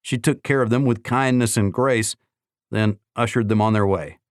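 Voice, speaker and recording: Male audiobook narrator, low voice, measured first-person storytelling, dry close sound. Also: smooth, dry recording.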